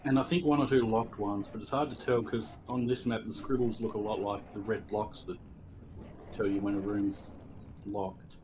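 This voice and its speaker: A soft-spoken man giving hedging, thoughtful side commentary on a video game. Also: fairly low pitch, steady tone, moderate pace, noisy background.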